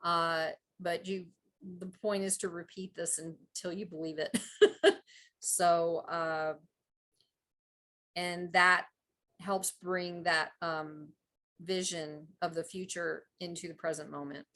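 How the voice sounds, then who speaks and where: A woman hosting a live coaching call who reads oracle cards and leads repeat-after-me healing affirmations in a gentle, measured way. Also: on the low side, little pitch movement. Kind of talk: slow guided healing talk with card reading.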